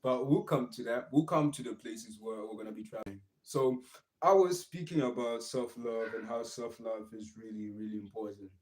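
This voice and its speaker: Earnest streamer on self-love. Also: male voice, medium pitch, normal speed, a little mellow, poor audio. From South Africa. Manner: earnest, encouraging, repetitive phrasing. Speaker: livestream host. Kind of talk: casual motivational livestream talk.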